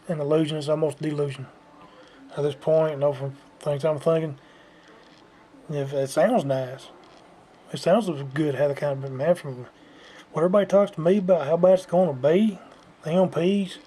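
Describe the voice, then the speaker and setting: A man's voice: fairly high pitch, mellow, a little hiss or hum. A man delivering an unscripted, repetitive lecturing rant to his viewers. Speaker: vlogger. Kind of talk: unscripted ranting monologue.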